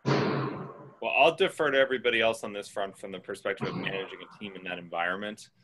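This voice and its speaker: Deep male host, direct and frank, casual call delivery. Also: fairly quick, a bit bright, a little hiss or hum, poor audio. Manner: direct, blunt advice-giving. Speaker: host answering questions. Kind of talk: casual advice on a group call.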